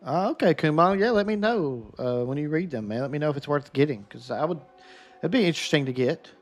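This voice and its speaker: A man's voice: a little high, expressive, a little fast. Chatty male game streamer. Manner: chatty, talks to viewers by name. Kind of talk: casual live gameplay commentary.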